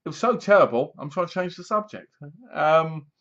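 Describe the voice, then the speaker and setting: A man's voice: fairly high pitch, lively intonation, moderate pace, a bit bright. A man with an English accent giving a casual, rambling movie review that sounds sarcastic. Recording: dull lo-fi recording.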